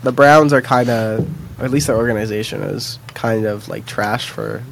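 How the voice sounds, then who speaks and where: A man's voice: on the low side, level tone, normal speed, gravelly, slight background noise. A man co-hosting a casual sports podcast, talking loosely with jokes and asides. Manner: loose, joking, with fillers and asides. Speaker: podcast co-host.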